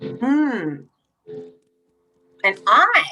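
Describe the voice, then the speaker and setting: A young adult woman facilitating an online teacher workshop over a video call, encouraging and animated as she rereads lines with emphasis. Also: a little high, slow, faint music behind.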